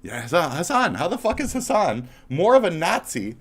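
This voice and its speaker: A man's voice: fairly high pitch, sing-song, moderate pace, a bit bright, husky. A man streaming live commentary as a heated, profane, mocking rant. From United States.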